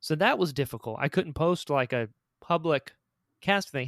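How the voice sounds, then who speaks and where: A man, the creator of an audio drama, chatting on a podcast in an excitable, storytelling way. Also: a little high, moderate pace, no room sound, clean studio sound. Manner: excitable storyteller, acts out quoted lines. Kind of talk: casual podcast chat.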